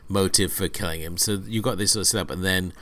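A man's voice: low-pitched, steady tone, quick pace, fairly bright tone. A man co-hosting a film podcast, talking through plot points with many ums and uhs. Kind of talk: casual film discussion.

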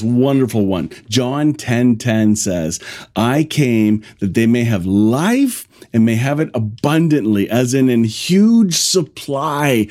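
A man preaching a sermon and reading scripture, talking emphatically with exclamations and sudden rises and drops in pitch. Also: warm tone.

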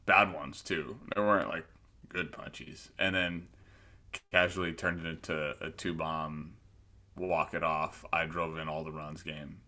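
A man's voice: rumbling low, a little slow. A man co-hosting a podcast, chatting loosely and joking about his week and baseball. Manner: loose, joking, animated storytelling. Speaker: podcast co-host. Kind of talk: casual podcast chat.

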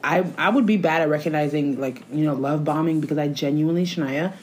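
A woman's voice: low voice, fast, slight background noise. A woman co-hosting a podcast, telling stories in casual slangy chat and acting out quoted lines. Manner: animated storytelling, slangy, acts out quotes. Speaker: podcast co-host.

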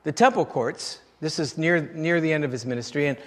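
Guy with a high voice giving a sermon, chatty storyteller, chuckles a lot, long hall echo. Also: brisk, fairly bright tone. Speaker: pastor.

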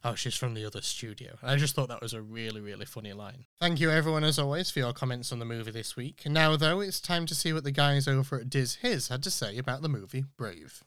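A man from England chats enthusiastically about films on his podcast. His voice is smooth and resonant. The recording is dry and close, with no room sound. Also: mid-range voice, fast talker, hardly any pauses, a bit bright, no room sound. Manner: chatty, enthusiastic, self-correcting asides. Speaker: podcast host. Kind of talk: casual podcast commentary.

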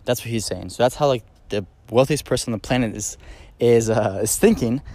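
A man's voice: medium pitch, brisk, darkish tone, no echo. Male podcast host, solo monologue; casual, filler-heavy, eager emphasis on key points. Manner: casual, rambling, many fillers and restarts.

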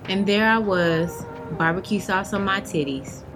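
A woman playing a sassy, outspoken young adult with a drawling, expressive delivery. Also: unhurried, over music, natural voice. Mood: playful. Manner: sassy and outspoken, swinging between drawl and high exclamations.

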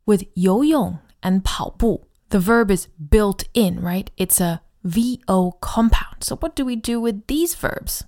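Woman co-host, friendly explainer of Chinese grammar, slows down to model phrases. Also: medium pitch, darkish tone. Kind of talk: podcast language lesson.

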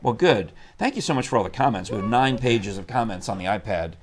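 A man hosting a casual live talk show, chatty and joking with quick asides. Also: on the low side, expressive, a little hiss or hum.

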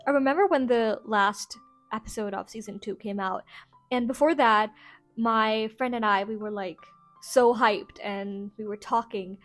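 A chatty woman with a fairly high voice rambles through a casual review, leaning on filler phrases as she talks. Faint music plays underneath her voice. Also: a little slow. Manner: chatty, full of "you know" fillers. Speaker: podcast host.

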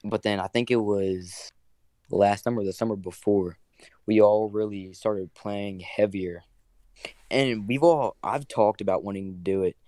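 A man's voice: lowish voice, fairly even intonation, a little slow, warm tone, no room sound. A young man who is a guest on a podcast, talking in an easygoing, plain-spoken way. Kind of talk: casual podcast chat.

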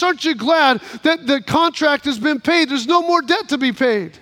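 Male pastor, very high bright voice, storytelling sermon with rising exhortation. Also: moderate pace. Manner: storytelling, rising to excited exhortation, frequent "uh" fillers.

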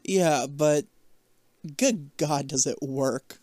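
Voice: mid-range voice, very slow, darkish tone, no room sound. Wisecracking co-host, dry sound. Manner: wisecracking, swears casually. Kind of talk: casual banter.

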